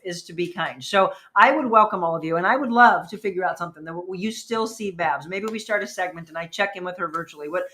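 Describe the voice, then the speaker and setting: A middle-aged woman hosting a casual livestream chat, talking quickly and laughing with people around her. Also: medium pitch, bright, forceful tone. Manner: chatty, laughing, quick asides to people in the room. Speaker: host.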